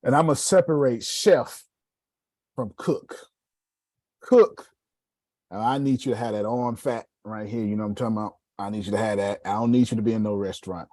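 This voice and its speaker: A middle-aged man coaching a sales class, animated and preachy, tossing questions to the room. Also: fairly low pitch, fairly quick, dry recording. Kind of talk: live coaching session.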